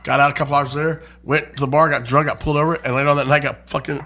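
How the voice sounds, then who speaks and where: A man's voice: on the high side, flat delivery, racing, sharp tone. A man co-hosting a podcast, making crude jokes and swearing heavily. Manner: crude, joking, heavy swearing. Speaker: podcast co-host. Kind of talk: casual podcast chat.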